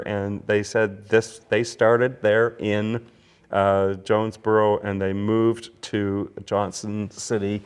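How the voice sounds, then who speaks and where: A man with a fairly low voice hosts a relaxed whiskey tasting conversation. He talks like a storyteller, circling back on himself with fillers and restarts. His tone stays easygoing and conversational. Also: takes it slowly, clean tone. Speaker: podcast host. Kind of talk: casual whiskey tasting chat.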